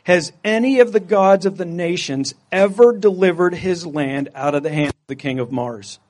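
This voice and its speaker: A boastful alien king makes grand, slow proclamations of threat and promise, as a preacher puts him on. The voice sits fairly high and rings out loudly, with a declaiming, storybook swagger. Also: lightly acted. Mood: taunting.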